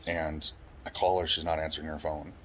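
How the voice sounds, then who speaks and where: A man's voice: very deep voice, flat delivery, brisk, a little hiss or hum. A man telling his own life story in a blunt, plain-spoken way, swearing often. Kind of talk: personal life story monologue.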